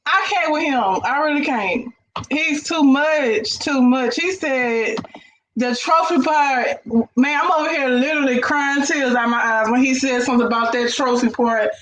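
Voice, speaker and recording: A woman's voice: sits high, normal speed, a bit bright. A woman hosting a casual reaction chat, laughing often and repeating herself while talking to viewers. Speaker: host. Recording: echoey room with faint noise.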